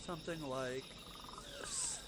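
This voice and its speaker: Playful guy in a tabletop game, kinda high voice, loud crickets in the background. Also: wildly swooping pitch, heavy background noise. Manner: quick, scattered, playful. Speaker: player. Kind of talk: casual tabletop game chat.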